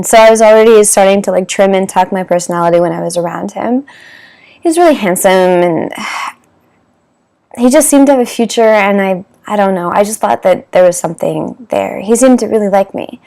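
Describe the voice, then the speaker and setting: A woman's voice: mid-range voice, normal speed, gravelly, a little mellow. A Canadian woman in her thirties telling a personal dating story to camera in a candid, rambling way, with many fillers and restarts. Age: 30s. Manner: candid, rambling, with frequent fillers and self-corrections. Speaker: vlogger.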